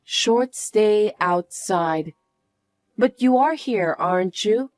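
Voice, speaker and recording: A plaintive elderly mother-in-law, voiced by a woman in a narrated family drama, her lines lively in pitch but unhurried. The voice is dry and close, with faint music underneath. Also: dry recording. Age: older. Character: elderly mother-in-law needing care, meek, then suspicious.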